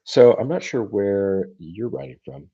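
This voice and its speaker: An American man hosting a livestream Q&A about language learning, speaking thoughtfully and pausing often with fillers and restarts. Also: fairly low pitch, big pitch swings, dark tone, breathy edge, dull audio. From United States. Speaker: language-learning channel host. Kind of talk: livestream Q&A chat. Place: home, streaming live. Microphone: computer mic for a livestream.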